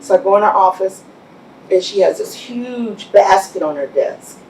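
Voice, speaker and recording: A middle-aged woman, an animated storyteller who laughs often and acts out what people said, as an interview guest. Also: mid-range voice, normal speed, slight background noise. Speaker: business owner guest. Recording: echoey room, mic far off.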